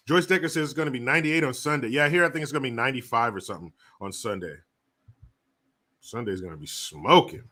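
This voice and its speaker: Bright-voiced man rambling on a livestream. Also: mid-range voice, fast. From United States. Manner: loose, swearing, jokey, slips into put-on voices. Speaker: livestream host reading viewer messages. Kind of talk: casual profane livestream chat.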